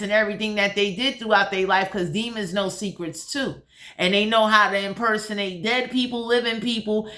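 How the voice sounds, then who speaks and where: A woman's voice: mid-range voice, pushed and bright. A woman doing a blunt, profane, heated tarot reading in a casual monologue. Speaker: tarot reader. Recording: echoey room.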